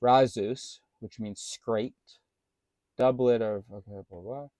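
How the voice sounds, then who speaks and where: A man's voice: mid-range voice, steady tone, slow pace, dark tone, no room sound. A man vlogging in a casual, meandering monologue, thinking aloud with many fillers and restarts and swearing now and then.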